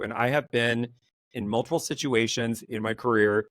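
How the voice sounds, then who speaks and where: A man's voice: medium pitch, steady tone, normal speed, fairly bright tone, no room sound. A man hosting a podcast, chatting casually and animatedly in long run-on thoughts. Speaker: podcast host. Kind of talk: casual chat.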